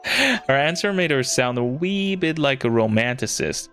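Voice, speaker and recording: A man's voice: medium pitch, animated, unhurried, fairly bright tone, faint music behind, voice pushed up. A man reading a curious teenage boy's narration. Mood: uneasy. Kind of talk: reading a visual novel aloud.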